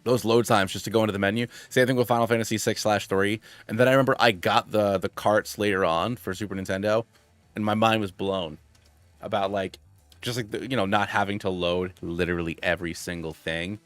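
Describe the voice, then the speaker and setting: A man in his thirties streaming a game, chatting casually in a rambling, excitable way with many restarts and tangents. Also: on the low side, brisk, dry recording, soft background music. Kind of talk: casual gaming stream chat.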